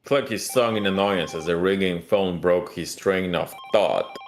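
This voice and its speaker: A man narrating a story game aloud in a relaxed way, with joking asides to a co-player. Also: deep voice, normal speed. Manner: easygoing, jokey asides. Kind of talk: casual game read-along narration.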